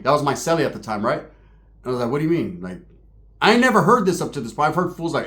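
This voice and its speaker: A man's voice: fairly high pitch, sing-song, quick pace, fairly bright tone. Streetwise man spinning raw prison stories. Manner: profane street slang, frequent "right?" tag questions. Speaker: storyteller recalling prison and gang life. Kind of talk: casual anecdote-telling.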